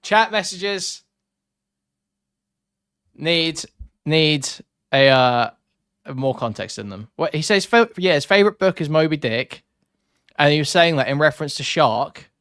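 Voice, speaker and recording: A man's voice: on the high side, animated, a little slow, long pauses, fairly bright tone, clean tone. A man hosting a reaction commentary stream, ranting sarcastically and swearing as he talks to his chat.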